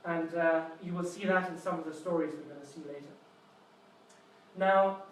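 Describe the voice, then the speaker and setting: A man with a high voice gives a live lecture, explaining through playful little stories and calling on the audience. He is picked up from far off in a very echoey university room, with faint background noise. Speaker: seminar presenter.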